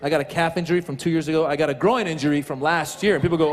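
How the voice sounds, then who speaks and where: High-pitched male stand-up, self-mocking, echoey room with an audience. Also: rapid-fire, noisy background. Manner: animated, self-mocking storytelling. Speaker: stand-up comedian. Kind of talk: stand-up set. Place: comedy stage. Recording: echoey venue with loud audience.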